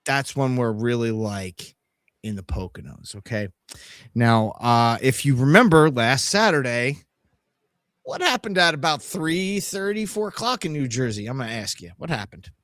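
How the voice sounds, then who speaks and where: Animated man telling a story, lively pitch. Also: moderate pace, dry recording, studio quality. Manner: animated, swearing, sound effects while telling stories. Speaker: podcast co-host. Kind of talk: casual storytelling on a live podcast.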